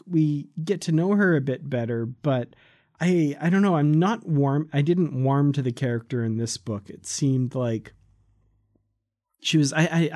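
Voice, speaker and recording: A man's voice: a little high, a little mellow. A man co-hosting a casual book discussion podcast, hesitant and hedging, laughing often. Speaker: podcast co-host.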